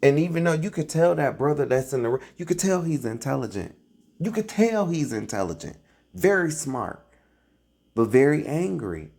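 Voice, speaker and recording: A man's voice: a little high, very animated, normal speed, creaky, darkish tone. A man giving preachy, casual commentary as an online religious commentator, emphatic and full of rhetorical questions.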